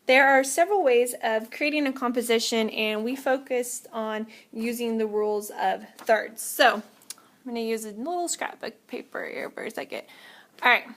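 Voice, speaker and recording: A woman's voice: on the high side, normal speed, fairly bright tone. A woman teaching an art lesson, explaining step by step while demonstrating on paper and sometimes moving away from the mic.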